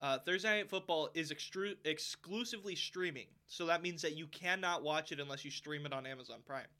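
A young man co-hosting a podcast in casual chat, rambling with lots of fillers and getting loud when excited. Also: a little high, fairly quick. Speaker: podcast co-host.

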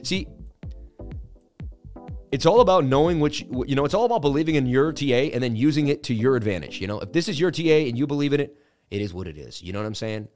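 Male stream host, casual chart talk, animated and sure of himself, faint music bed. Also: medium pitch, quick pace. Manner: animated, repetitive, confident. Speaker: crypto market analysis livestream host. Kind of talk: casual livestream chart commentary.

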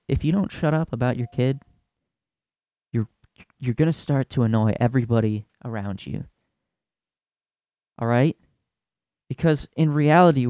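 A young man hosting a comedy podcast, ranting in a profane, exasperated way with loud outbursts. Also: mid-range voice, clean tone, dry recording, lo-fi sound. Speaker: podcast host.

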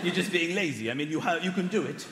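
Brief: male stand-up comic, high lively voice, echoey hall, loud crowd. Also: fast. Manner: animated, acts out voices. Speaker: stand-up comedian. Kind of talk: stand-up comedy routine. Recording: live hall, echoey, loud audience noise.

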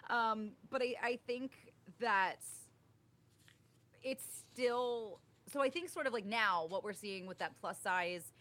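A woman's voice: fairly high pitch, slow pace, pushed and bright. A young woman co-hosting a podcast in casual chat, talking with many fillers. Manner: chatty, uses many fillers like "like" and "um". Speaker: podcast co-host.

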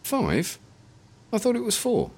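A man's voice: moderate pace, husky, full character voice. A man voicing a nervous, easily flustered young man in an audiobook reading. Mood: puzzled. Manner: high, excitable inner voice.

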